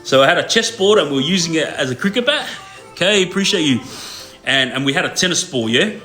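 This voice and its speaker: A man's voice: fairly high pitch, animated, fast, bright, forceful tone, soft background music. A man and former inmate telling prison stories to livestream viewers in a loose, laid-back way, with lots of fillers and tag questions. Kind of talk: casual storytelling to viewers.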